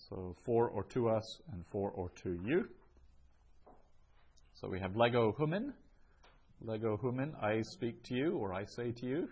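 A man's voice: lowish voice, darkish tone, breathy edge, lo-fi sound. A man teaching a language lesson, reading each phrase twice before translating it, with frequent ums. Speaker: Greek teacher. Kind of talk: slow explanatory language lesson.

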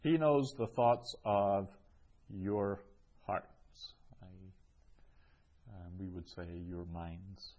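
Low-voiced male teacher, unhurried lesson delivery, muffled lo-fi sound. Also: animated, warm tone. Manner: reads each phrase twice, then translates, with frequent ums. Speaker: Greek teacher. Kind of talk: slow explanatory language lesson.

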